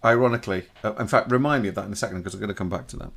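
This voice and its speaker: A man's voice: lowish voice, racing, gravelly, a bit bright. A man from England chatting casually on a podcast, rambling with frequent restarts and self-corrections, with jokey teasing banter. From Shropshire, England.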